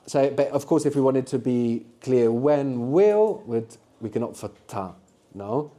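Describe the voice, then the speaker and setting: Warm and expressive, this mid-range male voice moves a little slowly. He teaches a live language workshop to university students in a lecture room, patiently guiding them through questions and answers.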